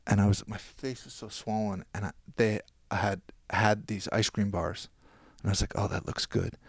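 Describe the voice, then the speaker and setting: Man telling an animated story, dry sound. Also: on the low side, dry recording. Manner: animated anecdote, quoting people in quick voices. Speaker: podcast guest. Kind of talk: storytelling in casual chat.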